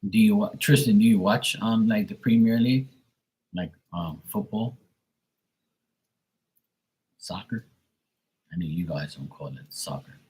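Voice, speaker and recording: A man's voice: on the low side, measured pace, pauses often, a little mellow, husky. A Bermudian man in his thirties chatting casually and rambling on a live stream, with some swearing.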